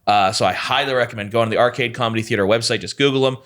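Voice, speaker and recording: A man's voice: mid-range voice, racing, a bit bright. A man, a comedian guest on a podcast, telling stories animatedly and slipping into quoted voices. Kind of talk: casual chat.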